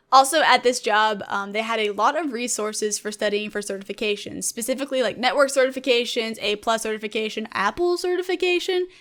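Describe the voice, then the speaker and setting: Chatty, enthusiastic young woman. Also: fairly high pitch. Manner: chatty, enthusiastic, animated storyteller. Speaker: gaming YouTuber and streamer. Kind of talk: casual vlog chat.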